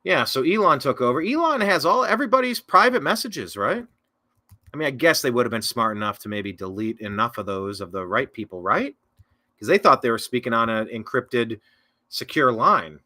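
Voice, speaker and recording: A man's voice: mid-range voice, big pitch swings, moderate pace, bright, forceful tone. A man hosting a political talk show, reading viewer comments aloud and rambling through casual commentary with sarcastic, self-correcting asides.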